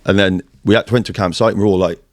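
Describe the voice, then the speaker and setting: Brit ex-marine guest, low voice, talks fast and swears a lot. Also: male voice. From United Kingdom. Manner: fast, sweary, animated storytelling in military slang. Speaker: podcast guest, former Royal Marine. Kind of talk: casual podcast chat.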